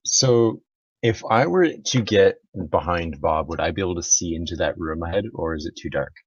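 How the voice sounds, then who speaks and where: A man with a very low voice plays in a tabletop game, casually asking what his character can do. The sound is dry and slightly muffled. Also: expressive, moderate pace, breathy edge, no room sound. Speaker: player.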